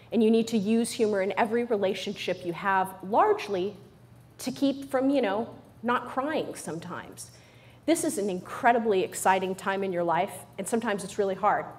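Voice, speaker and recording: A middle-aged woman giving a humorous motivational talk to a live audience, playful and joking, often checking in with the crowd. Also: medium pitch. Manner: playful and joking, with frequent "right?" asides to the audience. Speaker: motivational speaker.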